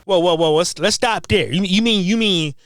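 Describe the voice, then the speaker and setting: A woman with a lowish voice hosts a podcast at a normal pace, recorded clean in a studio with no room sound. In a heated rant she swears, fires off mocking rhetorical questions, and stammers repeated words as she builds up steam.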